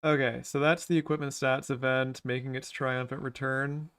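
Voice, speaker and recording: A man's voice: mid-range voice, flat delivery, moderate pace, fairly bright tone, smooth. A man hosting a casual coding livestream, thinking aloud as he works and joking with a co-developer. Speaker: livestream host and programmer.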